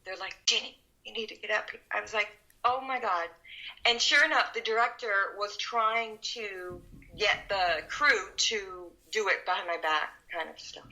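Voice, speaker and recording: A middle-aged woman tells stories from years in film production, lively and quick to act out the people she quotes. Her voice is bright and forceful, pitched in a middle range. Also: poor audio. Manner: animated, acts out quotes. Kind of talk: storytelling interview.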